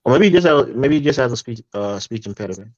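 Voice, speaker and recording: A man's voice: medium pitch, lively intonation, fast talker, dry recording. Teasing man, slightly dull lo-fi sound. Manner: teasing, argumentative. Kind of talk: casual streamed chat.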